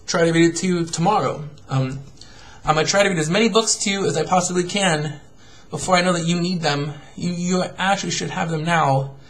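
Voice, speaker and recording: Gentle man reading to his little daughter. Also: sits high. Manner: gentle, soft and hesitant, with many pauses and fillers. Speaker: father. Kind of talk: reading a picture book aloud to a child, then a personal video message. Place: at home, indoors.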